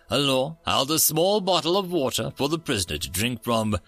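A man hosting and narrating science fiction stories in a theatrical, expressive way. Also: mid-range voice, moderate pace, few pauses, no echo, soft background music. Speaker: story narrator and channel host. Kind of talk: scripted sci-fi story narration.

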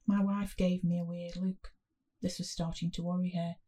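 A woman reading a first-person story aloud in a slow, measured way. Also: lowish voice, level tone, mellow, husky.

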